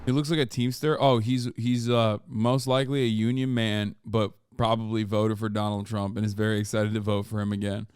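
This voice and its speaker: A man commenting on a video live on stream, excitable and profane. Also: fairly low pitch, brisk, hardly any pauses, clear, resonant tone, no echo, studio quality.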